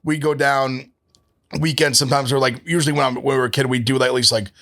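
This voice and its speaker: A man's voice: medium pitch, fairly even intonation, fast, bright, forceful tone. A young man chatting casually as a podcast guest, rambling with many fillers and restarts. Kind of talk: casual food chat.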